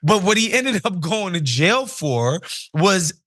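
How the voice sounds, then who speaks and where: A man's voice: high voice, sing-song, slow pace, fairly bright tone. A man co-hosting a casual news commentary, blunt and exasperated, talking in slang. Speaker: co-host.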